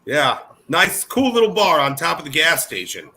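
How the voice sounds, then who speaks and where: Bright, curious male co-host. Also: a little high, big pitch swings. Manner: curious, asks quick questions. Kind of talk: casual podcast banter.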